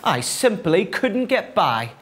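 A man's voice: high-pitched, very animated, takes it slowly, a bit bright, voice pushed up, exaggerated voice. A man doing a bleating, huffy storybook sheep. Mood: indignant. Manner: bleating complaint.

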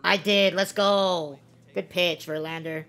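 A woman giving casual commentary on her own video game play, swinging from low-key play-by-play to loud, excited yelps. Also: slow pace. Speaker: gaming video creator.

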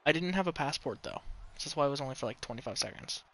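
Young American male streamer with a bright, forceful tone for casual game talk, chatty and foul-mouthed, on a desk mic. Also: a little high, expressive, fast talker. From United States. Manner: chatty, swears freely, laughs at his own jokes. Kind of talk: casual gaming commentary.

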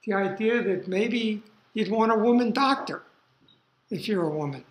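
An older man giving a university lecture, rambling through relaxed asides with fillers. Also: high-pitched, normal speed, slight background noise. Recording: roomy lecture hall.

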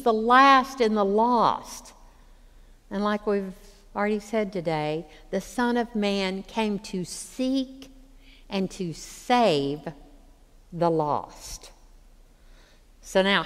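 A woman's voice: medium pitch, big-room sound. A woman teaching a Bible lesson, reading scripture passages aloud and explaining them in plain words.

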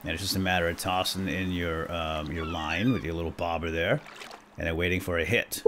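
A middle-aged man giving casual, chatty gameplay commentary, breaking into excited exclamations. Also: sits low, fast, slight background noise. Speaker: let's play host.

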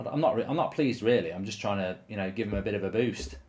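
A man's voice: fairly low pitch, fast talker, darkish tone. A man hosting his own channel, giving live commentary over a football management game, full of ranting, swearing and exasperated outbursts. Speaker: gaming YouTuber host.

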